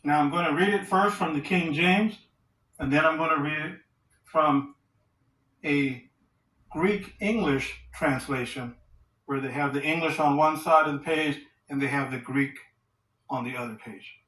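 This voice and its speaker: A man teaching from the Bible in a sermon, reading verses aloud slowly and asking rhetorical questions. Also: on the high side, sharp tone. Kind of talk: scripture study sermon. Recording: roomy echo, distant from the mic.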